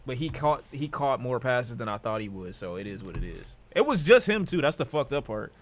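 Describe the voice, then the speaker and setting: A young man from Detroit streaming, talking to his chat in reaction commentary, excitable and profane, dropping to mutters and bursting out loud. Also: medium pitch, brisk. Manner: excitable, swearing, jumps from mutters to loud outbursts.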